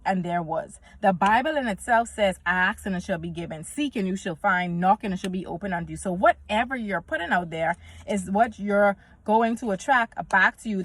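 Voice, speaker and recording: A woman's voice: medium pitch, no room sound. A woman in her thirties speaks to camera in a casual faith-based vlog. Her voice sits in an ordinary middle range for a woman. She is earnest and a touch preachy, quoting scripture and playing out little conversations as she goes. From Bahamas. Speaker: vlogger.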